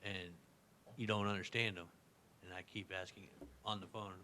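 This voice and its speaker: Male workshop attendee, hesitant and soft-spoken, lower pitch with a bright tone. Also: level tone, moderate pace, slight background noise.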